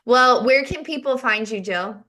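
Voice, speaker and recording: A woman's voice: fairly high pitch, lively intonation, moderate pace, pushed and bright. A woman from Pennsylvania hosting a casual podcast interview, upbeat and laughing often. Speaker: podcast host.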